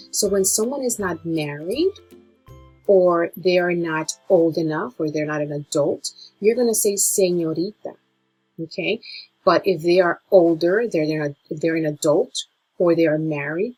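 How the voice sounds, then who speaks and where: Husky-voiced woman teaching a lesson. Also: lowish voice, darkish tone, low-quality recording. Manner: slow, drawn-out pronunciation of Spanish words. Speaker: nurse teaching Spanish. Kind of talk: slide-based language lesson.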